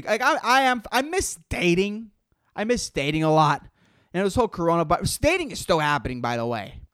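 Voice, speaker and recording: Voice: mid-range voice, a bit bright, dry recording, studio quality. A podcast host ranting alone for comic effect, profane and rambling, repeating words while searching for the next one and calling out to an imagined listener in exasperation. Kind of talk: solo comedic rant.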